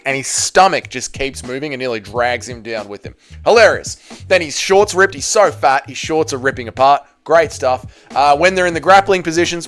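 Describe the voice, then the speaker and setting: A man giving a casual, opinionated fight recap, blunt and swearing often. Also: a little high. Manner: blunt, profane, animated ranting. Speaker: MMA commentary channel host.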